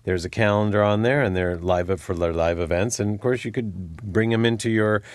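Attentive lowish male host. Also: fairly quick, no room sound. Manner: attentive, joking, many murmured mm's. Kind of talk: casual interview chat.

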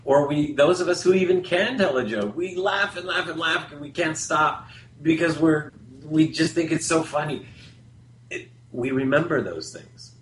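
Hosting a radio talk show, a man with a slightly high, bright and expressive voice tells a personal story at normal speed. He rambles casually, restarting and correcting himself, in a roomy, echoey space with a faint hum behind him.

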